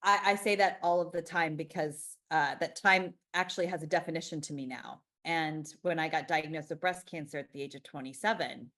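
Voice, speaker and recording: A woman in her forties, founder of a business, talks in a low, fairly bright voice that runs a little fast with hardly any pauses. As an interview guest she's candid and forceful, often beginning sentences again.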